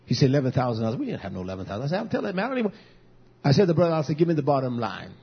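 A man preaching as a pastor, lively and storytelling, acting out conversations with people from his congregation. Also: fairly high pitch, racing, husky. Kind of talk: sermon. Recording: dull lo-fi recording.

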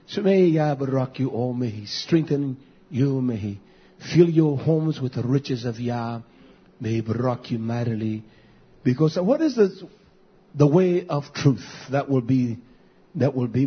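An older man preaching an informal sermon, folksy and repetitive, slipping into animated storytelling. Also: medium pitch, measured pace, breathy edge, lo-fi sound.

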